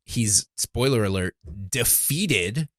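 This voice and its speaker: A man's voice: medium pitch, lively intonation, fairly bright tone, no echo. Man in his thirties, rambling podcast chat. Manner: rambling, self-interrupting, quick to laugh. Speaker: podcast host. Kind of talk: casual comedic chat.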